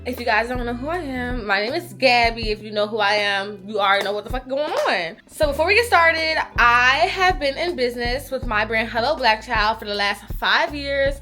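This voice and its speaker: In her 20s, a small business owner and vlogger talks casually and candidly to her handheld phone camera inside a warehouse, chatty and swearing, a bit out of breath. Her voice is a little high and bright with a forceful tone, moving at normal speed with hardly any pauses. Soft music plays in the background.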